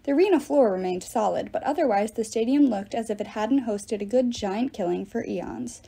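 A woman reads a novel aloud with lively, expressive narration. Her voice sits a little high, soft and mellow with a breathy edge. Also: normal speed. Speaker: reader.

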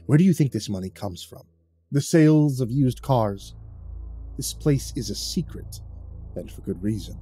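A man voicing a stern older male caretaker boss with a heavy Eastern European accent, speaking slowly and gravely. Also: mid-range voice, animated, mellow, soft background music. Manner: grave, slow, commanding.

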